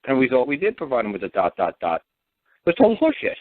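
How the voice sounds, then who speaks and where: A man's voice: medium pitch, wildly swooping pitch, quick pace, no echo. A man with a New York accent talking in a blunt, profane, rambling way on a radio call-in show. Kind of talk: casual radio call-in talk. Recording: dry phone-line audio.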